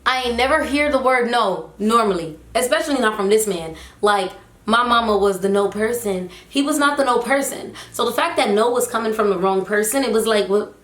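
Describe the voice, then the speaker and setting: A young woman vlogger telling a story in a casual, animated, slangy and emphatic way. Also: a little high, a little fast. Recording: roomy echo.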